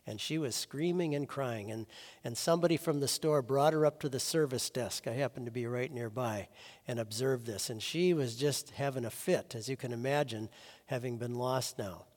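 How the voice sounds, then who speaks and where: A man preaching a sermon as pastor, earnest, swinging between loud stressed words and soft low phrases. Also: normal speed, big-room sound.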